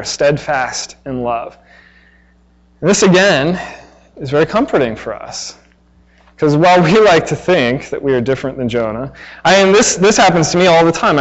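High-voiced man preaching conversationally. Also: dull audio. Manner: conversational preaching with acted-out exasperated asides. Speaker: pastor. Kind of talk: sermon.

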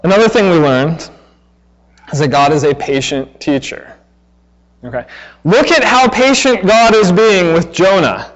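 A man's voice: sits high, expressive, unhurried, long pauses, fairly bright tone, highs cut off. A man in his thirties preaching a sermon in a conversational way, acting out exasperated asides. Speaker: pastor.

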